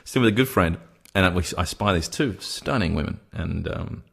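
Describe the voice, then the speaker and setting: Young aussie guy, very deep voice, rambly storytelling, laughs a lot. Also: expressive, brisk, gravelly, a bit bright, slightly rough. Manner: rambling anecdotes, laughs often. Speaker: podcast co-host. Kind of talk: casual comedy chat.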